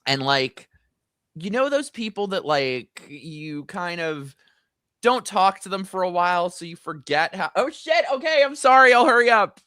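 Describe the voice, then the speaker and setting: A middle-aged man hosts a casual live stream, spinning a long anecdote in a chatty, gossipy storytelling style, his pitch swinging high when he gets excited. He speaks a little slowly with a clear, resonant tone. The sound is clean studio quality with no room sound.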